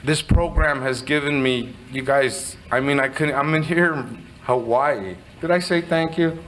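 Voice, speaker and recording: Man, middle-aged, from Southern California, candid storytelling speech, casual swearing, forceful tone. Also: mid-range voice, measured pace, slight background noise, rough recording. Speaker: speaker sharing a recovery story.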